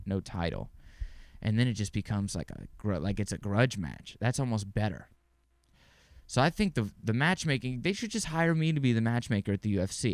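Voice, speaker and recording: A man's voice: fairly low pitch, a little mellow, dry recording, clean studio sound. A young man hosting his own podcast, talking casually and rambling, with frequent swearing and easy laughs. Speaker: podcast host. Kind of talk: casual solo podcast talk.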